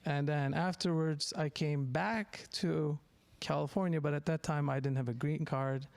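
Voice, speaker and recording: Male comedian, gravelly, rambling self-deprecating storyteller, dry sound. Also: a little high, steady tone, moderate pace, a little mellow, dry recording. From Turkey. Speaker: comedian guest. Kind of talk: casual podcast chat.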